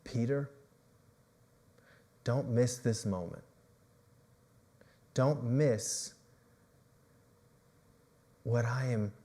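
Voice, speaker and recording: A pastor voicing a calm, tender male teacher who earnestly invites a friend to join him. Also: medium pitch. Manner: soft, earnest, pleading.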